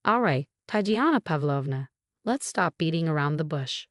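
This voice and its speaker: Sharp exasperated young husband, read by a woman, low dry voice. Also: lively intonation, normal speed, dry recording. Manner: sharp, incredulous.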